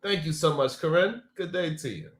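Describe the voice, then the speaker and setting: A man's voice: on the high side, moderate pace, echoey room. A man hosting a live stream, chatting casually, greeting viewers by name and laughing often.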